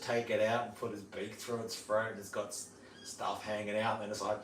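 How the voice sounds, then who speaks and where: A man's voice: on the low side, level tone, moderate pace, slight background noise. A man with an Australian accent chatting casually on a livestream, laid-back and slangy, mimicking bird calls. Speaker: livestream host. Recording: roomy sound, mic at a distance, faint ambience.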